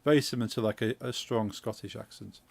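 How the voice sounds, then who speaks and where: Gravelly Midlands-accented man chatting. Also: lowish voice, fast talker, dry recording. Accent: English Midlands. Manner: rambling, explanatory, many fillers and restarts. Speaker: streamer host. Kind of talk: casual chat while gaming.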